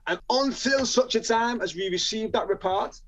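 A man's voice: high voice, normal speed, a bit bright, voice pushed up. A man putting on a pompous Jamaican-accented officer. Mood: officious. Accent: put-on Jamaican. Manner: formal, officious phrasing. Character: pompous formal male probation officer.

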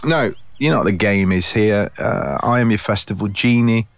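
A man's voice: fairly low pitch, normal speed, no echo. A man hosting a casual interview, talking in an easygoing and encouraging way. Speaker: podcast host.

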